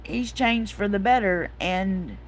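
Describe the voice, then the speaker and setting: Slow-talking woman hosting a chat. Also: mid-range voice, expressive, slight background noise, poor audio. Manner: chatty storytelling, reading viewer comments aloud. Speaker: host. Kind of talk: casual livestream chat.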